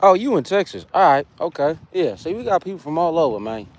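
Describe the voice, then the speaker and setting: A man's voice: a little high, very animated, fast talker. Chatty California man on a livestream. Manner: laid-back, chatty, greets viewers by name. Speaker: fitness livestream host. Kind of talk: casual livestream chat with viewers.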